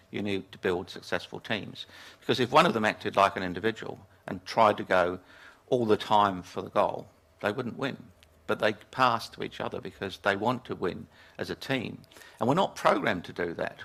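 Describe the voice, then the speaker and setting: A man's voice: deep voice, creaky, a bit bright. An older man from England giving a storytelling keynote talk to a live audience, chuckling at his own anecdotes. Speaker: keynote speaker. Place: lecture room with audience.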